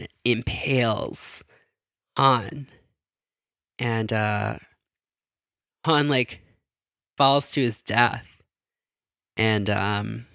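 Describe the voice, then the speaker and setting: A man hosts a casual solo podcast, chatty and rambling as he recaps, with frequent fillers and quick self-corrections. His voice sits in a plain middle register. The sound is dry and close, with no room around it. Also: medium pitch, bright, forceful tone, no echo. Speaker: podcast host.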